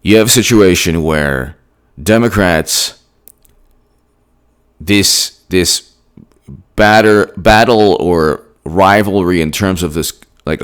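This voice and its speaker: A man's voice: sits low, smooth. A man giving an emphatic, rambling political commentary on his own channel, with frequent restarts. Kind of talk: solo political commentary vlog.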